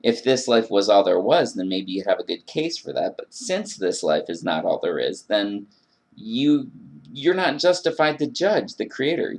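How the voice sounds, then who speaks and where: Speaking in a fairly low, slightly mellow voice, a man gives a religious rant monologue as a video blogger. He's earnest and emphatic about faith and frustration, acting out the prayers he makes.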